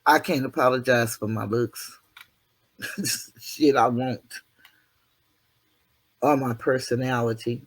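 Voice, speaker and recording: A man's voice: medium pitch, fairly even intonation, slow, pauses often, slightly rough. Guy preaching life lessons on his vlog, earthy, swears a little, pokes fun at himself. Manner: preachy, earthy, self-deprecating, mild cursing. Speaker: channel host. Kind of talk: motivational monologue to viewers.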